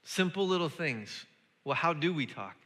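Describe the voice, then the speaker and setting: A man preaching with a very bright, forceful voice pitched a bit high. He builds up to emphatic, repeated calls. His words ring out with a long hall reverb, as in a church sanctuary. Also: normal speed. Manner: animated, rising to emphatic repetition. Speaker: pastor. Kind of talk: sermon.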